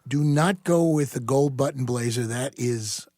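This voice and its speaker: Older New man, gruff wisecracker, mid-pitched, dry close sound. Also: measured pace, warm tone, no echo. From New York, US. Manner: wisecracking, gruff, swears casually. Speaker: guest, father of the host. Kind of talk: casual chat.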